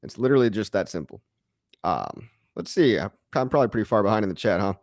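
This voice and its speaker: A man's voice: fairly low pitch, big pitch swings, fast talker, gravelly, darkish tone, no echo, studio quality. A man hosting a casual livestream, reading viewer chat in a loose, chatty way, often saying "guys" and chuckling.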